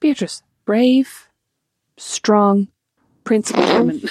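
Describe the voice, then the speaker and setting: A woman's voice: mid-range voice, moderate pace, a little mellow, a little hiss or hum. An Irish woman co-hosting a podcast, chatting casually with wry, teasing quips. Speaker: podcast co-host. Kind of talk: casual chat.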